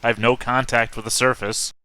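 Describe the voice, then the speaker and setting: A man's voice: mid-range voice, little pitch movement, brisk, pushed and bright, clean tone. A man playing a tabletop role-playing game, arguing his case with many hesitations. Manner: argumentative, hesitant with fillers. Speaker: player.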